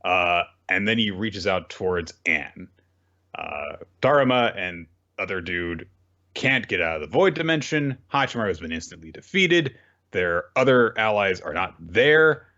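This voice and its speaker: A man's voice: deep voice, very animated, a little slow, sharp tone, highs cut off. A man hosting a casual podcast, chatting about manga in a rambling, playful way with lots of fillers. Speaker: podcast host. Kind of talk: casual chat recapping manga.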